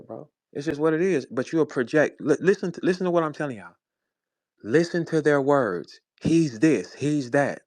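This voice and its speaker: A man's voice: mid-range voice, no room sound. A man in his forties from St. Louis, a rapper ranting in a confrontational, profane way in an online audio chat, speaking over a phone. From St. Louis, USA. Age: 40s. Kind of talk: heated rant in an audio chat room. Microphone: phone in an online audio room.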